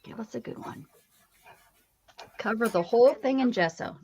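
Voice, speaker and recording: A woman's voice: fairly high pitch, normal speed, darkish tone, dull audio, a little hiss or hum. An American woman hosting an art stream, chatting casually and laughing often while she crafts. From United States.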